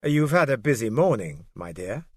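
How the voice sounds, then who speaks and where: A man playing a smug middle-aged official who talks down to people with a jovial, condescending air, his lines tilted a little higher and louder than the narration. The voice sits at a middling pitch, recorded dry and close for an audiobook. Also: sing-song, moderate pace, husky, dry recording. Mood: patronizing.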